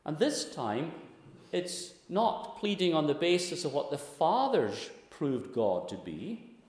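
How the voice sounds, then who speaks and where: A man preaching an expository sermon, earnest, rising to high emphatic pleading when he quotes scripture. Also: very animated, slow, darkish tone. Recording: echoey hall.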